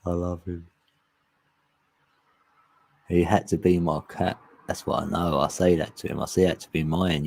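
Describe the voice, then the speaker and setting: A man's voice: low-pitched, level tone, moderate pace, vocal fry, long pauses, darkish tone. A man, rambling and laughing often in casual chat as a livestream host.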